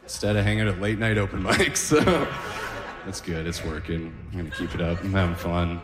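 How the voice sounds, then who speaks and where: Brisk and deep-voiced, this stand-up comedian in his thirties rambles through self-mocking material, often laughing at his own punchlines. The recording has the sound of a roomy, reverberant room.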